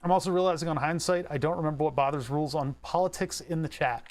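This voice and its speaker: A man's voice: on the high side, fast talker. A man with a slightly raised voice chats casually on a livestream while working on electronics. He rambles between technical talk and tangents, with profanity and laughing asides.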